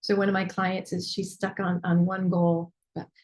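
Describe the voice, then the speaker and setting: Woman mentor coaching a client; lively, chatty, digressive delivery with lots of fillers. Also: fairly low pitch, normal speed. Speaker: business mentor. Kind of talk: coaching session teaching.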